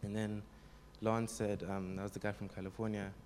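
A man's voice: fairly low pitch, level tone, normal speed, a little mellow, slight background noise. A young man telling his testimony to a youth group, plain, with frequent ums. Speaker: congregation member giving a testimony. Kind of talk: spoken testimony.

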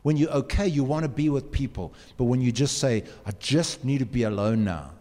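Speaking fairly quickly in a medium-pitched, dark-toned voice, a man gives students an earnest motivational talk and asks them direct questions. A long hall reverb surrounds the recording.

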